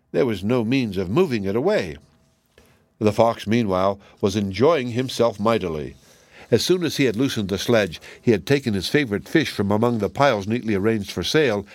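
Low-voiced man reading a fairy tale. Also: darkish tone, dry recording. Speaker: storyteller. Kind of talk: scripted fairy tale narration.

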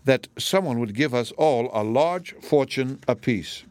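A man voicing a naive, excitable young girl in an audiobook reading, wide-eyed and gushing. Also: medium pitch, unhurried, no echo, lightly acted.

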